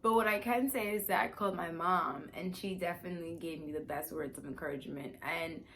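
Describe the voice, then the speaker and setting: Young woman vlogging, lowish voice, dramatic storyteller, super emphatic. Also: fairly quick, creaky, a bit bright. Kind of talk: casual storytelling to camera.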